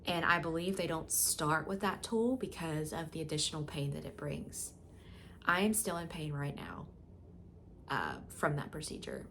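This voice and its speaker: A woman's voice: deep voice, expressive, moderate pace, gravelly, a bit bright, slight background noise. A woman vlogger telling a personal story to camera in a candid, frank, emotional way, with plenty of filler words.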